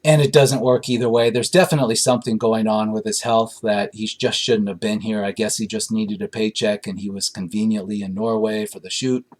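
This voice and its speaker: A man's voice: on the low side, steady tone, fairly quick, few pauses. Man, film reviewer, casual commentary, rambling, blunt, lots of ums and uhs. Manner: rambling, searching for words with many fillers; blunt and critical. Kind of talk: casual spoken movie review.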